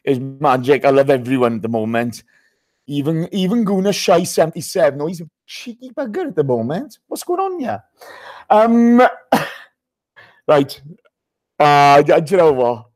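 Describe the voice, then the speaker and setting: Excitable, swearing man hosting. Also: a little high, measured pace. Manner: loud, swearing, reads out chat names. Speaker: podcast host. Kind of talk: excitable live-stream chat.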